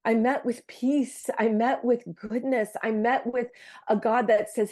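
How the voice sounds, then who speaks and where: A woman's voice: a little high, fairly even intonation, measured pace, dark tone. Earnest woman telling a heartfelt story. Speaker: podcast guest. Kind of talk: casual Christian podcast conversation.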